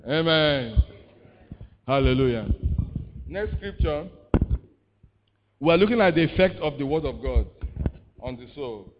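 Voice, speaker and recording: A man's voice: a little high, lively intonation, measured pace, long pauses, slight background noise. A man, preaching a sermon in call-and-response style, repeating words and prompting the congregation with questions. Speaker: pastor. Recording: reverberant, muffled sound.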